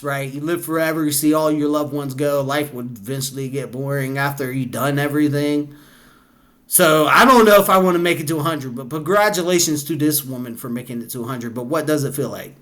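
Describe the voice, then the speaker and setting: A man's voice: fairly high pitch, a bit bright. A man hosting a reaction video, chatting casually and laid-back, laughing often and calling people "bro". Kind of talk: casual chat reacting to clips.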